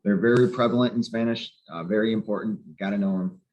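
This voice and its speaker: A man's voice: fairly low pitch, quick pace, a little mellow, dull audio, a little hiss or hum. A man teaching a grammar lesson, explaining patiently and methodically and repeating key points. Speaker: Spanish teacher.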